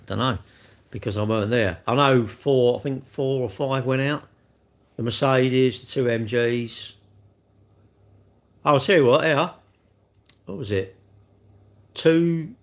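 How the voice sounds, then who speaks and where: A middle-aged man, hosting a casual live stream where he reads viewer comments and chats bluntly, rambling with restarts and tag questions. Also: mid-range voice. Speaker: livestream host.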